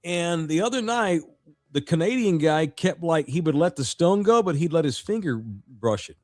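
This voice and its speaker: Male sports radio co-host, high lively voice, crude rowdy storyteller, dead-dry sound. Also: normal speed, no echo, faint music behind. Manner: profane, animated storyteller. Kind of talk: casual sports talk.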